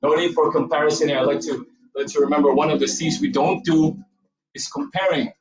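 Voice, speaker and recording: A man's voice: on the high side, steady tone, brisk, roomy sound, far from the mic, muffled recording. Man with a Cebuano accent coaching breath. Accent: Filipino, Cebuano. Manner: encouraging, coaching with counted breath cues. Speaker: yoga and movement instructor. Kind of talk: cueing a fitness class. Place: dance studio.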